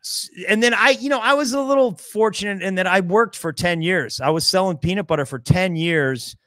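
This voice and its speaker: A man's voice: high voice, fairly quick, no room sound. Dry-sounding, upbeat man in his fifties. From American Midwest. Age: 50s. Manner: animated storyteller who acts out dialogue. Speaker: stand-up comedian, guest. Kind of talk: casual podcast chat, storytelling.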